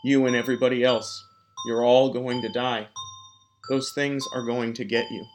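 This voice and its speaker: A man reads a sorrowful ghost mother in a storybook. She speaks softly and pleads with her son, her voice held at an ordinary middle pitch. Background music runs underneath. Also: little pitch movement, normal speed, lightly acted. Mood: pleading.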